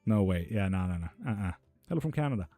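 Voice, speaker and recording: A man's voice: sits low, lively intonation, quick pace, dark tone, no room sound. A young man hosting a casual live stream from home, reading chat aloud and bantering with loose, foul-mouthed humor. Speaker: streamer giving tarot readings.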